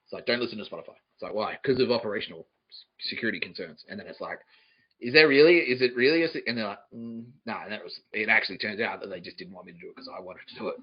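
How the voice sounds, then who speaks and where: A man's voice: sits low, racing, slightly rough, lo-fi sound. A man, hosting a comedy podcast and telling a profane, mock-angry story. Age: 40s. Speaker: podcast host.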